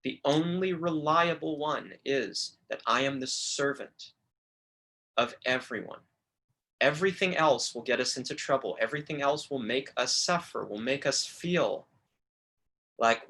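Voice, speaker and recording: A man's voice: on the high side, unhurried, pushed and bright. A man giving a morning scripture class at a temple, speaking earnestly and with feeling as he quotes his teachers. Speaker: temple lecturer. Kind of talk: devotional class lecture.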